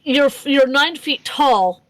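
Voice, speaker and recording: A woman's voice: sits high, animated, takes it slowly, fairly bright tone, dry recording. A woman running a tabletop game as game master, chatty and giggly, often restarting her sentences.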